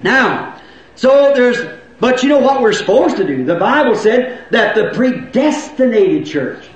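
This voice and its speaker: A man preaching a folksy sermon, swinging between loud shouts and low asides. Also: expressive, unhurried. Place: church. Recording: echoey, muffled old church recording.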